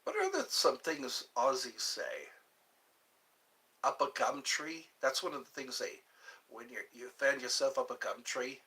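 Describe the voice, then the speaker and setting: A man's voice: medium pitch, sing-song, unhurried, sharp tone. A man hosting a casual livestream, answering viewer questions in a rambling, jokey way. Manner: rambling and jokey, drifting between topics. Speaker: livestream host.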